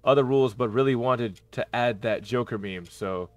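A man giving playthrough commentary on a horror game, reacting with excited yelps and shouts. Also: medium pitch, normal speed, dry recording. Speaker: gaming YouTuber.

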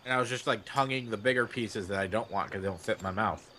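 A man's voice: lowish voice, fast talker, pushed and bright, a little hiss or hum. A man chatting casually over voice chat while gaming, goofy, laughing often and playing with silly voices.

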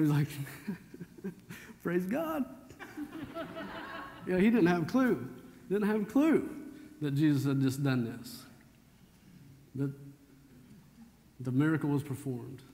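A man's voice: mid-range voice, moderate pace, long pauses, warm tone, a little hiss or hum. A man, preaching a sermon as pastor in a folksy, conversational storytelling way. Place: church sanctuary. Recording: church hall reverb.

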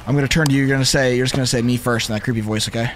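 A young man streaming a video game with excited, animated commentary, often firing the same questions again and again. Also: medium pitch, racing, background noise. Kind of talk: live gameplay commentary.

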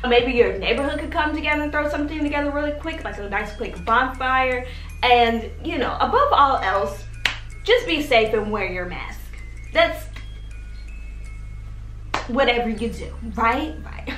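A woman's voice: sits high, animated, measured pace, fairly bright tone. A woman hosting a casual advice vlog, chatty and talking straight to her viewers, checking in with "okay?" all the time. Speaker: vlogger, channel host. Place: her home in Texas. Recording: roomy room with faint background music.

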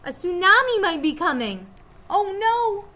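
A woman's voice: fairly high pitch, animated, moderate pace, sharp tone. A woman voicing a stubborn, easily upset young boy in a storybook reading, sulky and snappish. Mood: alarmed.

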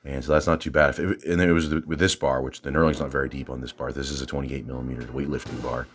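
Southern guy, extremely low voice, halting and filler-heavy, chatty gym vlogger. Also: flat delivery. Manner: rambling, halting, lots of fillers and restarts. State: out of breath. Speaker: fitness vlogger. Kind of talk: casual rambling gym vlog.

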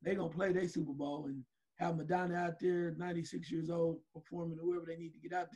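A man co-hosting a sports talk show, joking in an animated way with a husky voice. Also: on the high side, fast talker. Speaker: co-host.

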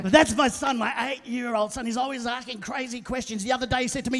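A middle-aged man doing a loud, animated stand-up comedy routine, shouting punchlines and putting on quoted voices. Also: extremely high pitch, quick pace, hardly any pauses. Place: large theatre stage. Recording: live theatre with long reverb.

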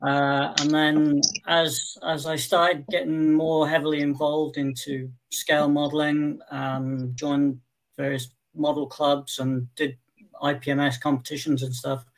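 A man being interviewed about his channel, talking in a measured, matter-of-fact way. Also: on the high side, little pitch movement, gravelly, rough recording. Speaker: guest, channel owner. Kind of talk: casual video-call interview.

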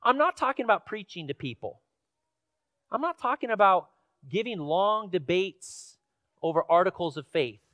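Brief: high-voiced male pastor, chatty storytelling sermon, dry close sound. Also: big pitch swings, normal speed, a bit bright, no room sound, dull audio. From Washington State, USA. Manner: conversational storytelling with fillers, rising to emphatic questions. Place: church sanctuary.

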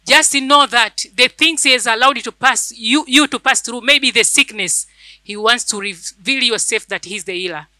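A woman's voice: on the high side, normal speed, bright, forceful tone, no room sound, rough recording. A woman church elder, preaching a fervent sermon and telling a personal testimony, repeating phrases for emphasis.

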